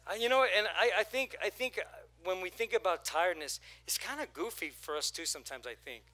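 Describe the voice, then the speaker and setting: A man giving a casual, story-driven sermon as pastor in a church auditorium. His voice sits a little high and rings very bright, and he keeps drawing the congregation in with prompts to turn to their neighbor. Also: animated, brisk. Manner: conversational, storytelling with acted quotes and crowd prompts.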